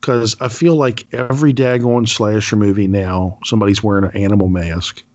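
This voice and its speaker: A man's voice: lowish voice, steady tone, brisk, a little mellow, lo-fi sound. A man hosting a podcast in casual chat, laid-back and joking, with plenty of filler words. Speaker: podcast host.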